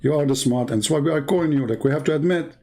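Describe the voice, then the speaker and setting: A man questions a guest in a comedy skit, hesitant and playing innocent. His voice sits low and he stumbles over fillers before each point. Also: very fast, gravelly, dark tone, poor audio. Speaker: host. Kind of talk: comedic skit, mock interview.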